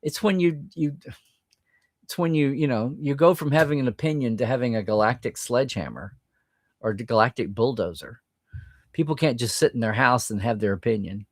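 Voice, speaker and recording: A middle-aged man hosting a live stream, reading viewer comments aloud and reacting in a chatty, animated way. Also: mid-range voice, a little fast, no echo.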